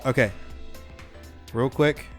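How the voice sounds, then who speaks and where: A man streaming a game live, chatting casually and testing his microphone levels out loud. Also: mid-range voice, slow, faint music behind. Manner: chatty, fiddles with his mic levels aloud. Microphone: desk microphone.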